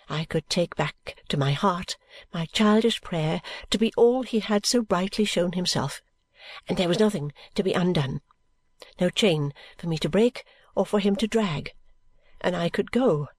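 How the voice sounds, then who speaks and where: A woman narrating a novel in the first person, with an earnest, tender and measured delivery. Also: on the low side, darkish tone, slightly rough, dry recording. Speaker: audiobook narrator.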